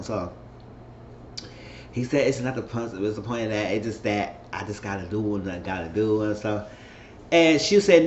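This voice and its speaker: A man giving a casual, animated recap of a TV episode, retelling scenes and acting out the characters' lines with laughs along the way. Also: on the low side, brisk, slight background noise. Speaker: show recap vlogger. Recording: roomy dull home recording with faint ambience.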